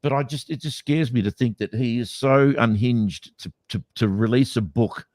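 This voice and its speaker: A man's voice: medium pitch, moderate pace, a little mellow, no room sound. A man co-hosting a podcast, talking skeptically in a casual debate with many restarts. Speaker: podcast co-host.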